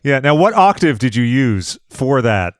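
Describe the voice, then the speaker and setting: A man's voice: medium pitch, big pitch swings, unhurried, dry recording. Brief: easygoing male talk host, mid voice, dry close recording. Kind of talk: casual interview chat.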